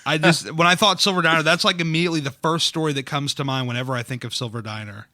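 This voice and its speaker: A man's voice: a little high, fast, sharp tone, dry recording, studio quality. A man, hosting a casual podcast chat, rambling and self-deprecating with frequent laughs. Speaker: podcast host. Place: dining room.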